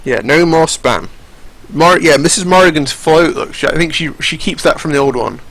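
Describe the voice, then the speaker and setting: A man's voice: a little high, moderate pace, a bit bright, low-quality recording. Rambling, cursing young man. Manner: rambling, profane, frequent restarts. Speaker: fighting game commentator. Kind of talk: casual commentary over game footage.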